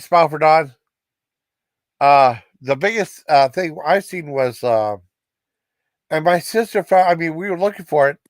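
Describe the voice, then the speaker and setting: A man hosting a casual livestream chat, with a mid-range voice. He rambles through his stories with many uhs, and his voice is dry and close, with no room echo. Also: medium pitch. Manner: rambling, agreeable, lots of uh and yeah. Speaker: livestream host.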